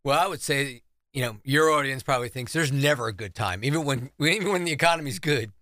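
A man's voice: medium pitch, fast, pushed and bright, no room sound, studio quality. A middle-aged man from New Jersey, a school superintendent answering radio interview questions earnestly and walking through budget figures. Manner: earnest, explains with figures and numbers. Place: radio studio.

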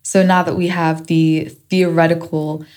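A woman's voice: low voice, flat delivery, unhurried. A woman from Kenya whose accent shifts between Kenyan and British, hosting a solo podcast in a reflective, candid manner. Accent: shifting mix of Kenyan and British. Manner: reflective and candid, warming to playful. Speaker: podcast host.

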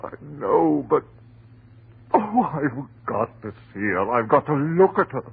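An actor playing an anguished husband near madness, in overwrought 1940s radio acting that pleads and cries out. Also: male voice, mid-range voice, very animated, a little slow, gravelly, slightly rough, heavily acted. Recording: tinny, noisy old radio recording.

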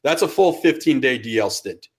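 A man co-hosting a sports podcast, ranting with heat and plenty of swearing. He grew up in Connecticut and talks in a loose, casual chat style, with a voice pitched in the middle range for a man. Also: expressive, normal speed. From Connecticut, USA. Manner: profane, ranting, heated. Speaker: podcast co-host.

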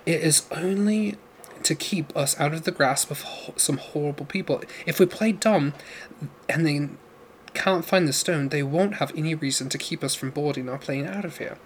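An earnest young woman courier, urgent and low-voiced, as a male reader puts her on. She speaks softly and deliberately, her pitch nudged a little high. Faint background noise sits under the voice. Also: natural voice. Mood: hushed. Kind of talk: audiobook character voice.

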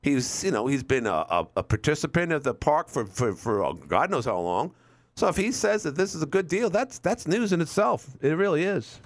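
A man hosting a talk radio show, chatting casually with callers in an animated, rambling way with frequent restarts. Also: on the high side, fairly quick. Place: radio studio. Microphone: studio microphone.

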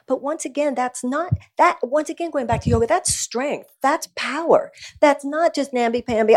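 Woman, guest speaker at a live event, earnest, emphatic, animated. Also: sits high, moderate pace, hardly any pauses. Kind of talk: conversational talk at a live event.

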